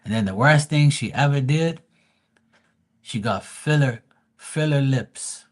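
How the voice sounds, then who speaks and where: A man's voice: medium pitch, takes it slowly. Profane man ranting casually. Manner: crude, profane and mocking, with stammered restarts. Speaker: vlogger. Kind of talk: casual storytelling rant.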